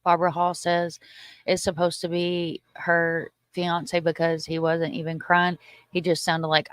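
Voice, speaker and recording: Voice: medium pitch, fairly even intonation, measured pace, pushed and bright, dry recording, clean studio sound. A livestream host chatting casually with viewers, reading out and answering their comments, often agreeing with short repeated words and giving blunt opinions. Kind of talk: casual live chat reacting to viewer comments.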